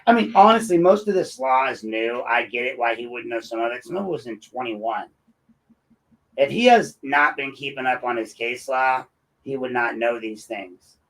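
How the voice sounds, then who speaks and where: A man's voice: medium pitch, animated, moderate pace, a bit bright, low-quality recording. A man hosting his own show, ranting in a combative and mocking commentary. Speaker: host and local activist.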